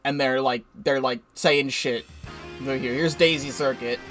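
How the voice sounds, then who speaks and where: A man's voice: medium pitch, fairly even intonation, unhurried, a bit bright. A man streaming a racing game, chatting casually and telling a rambling work story with lots of filler words and the odd swear. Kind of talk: casual gameplay commentary and storytelling. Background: game music.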